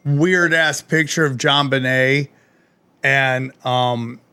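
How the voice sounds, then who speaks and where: A man hosting a podcast in casual, animated chat, swearing freely and calling people "dude". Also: mid-range voice, slow pace, smooth. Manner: animated, profane, says "dude" often. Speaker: podcast host.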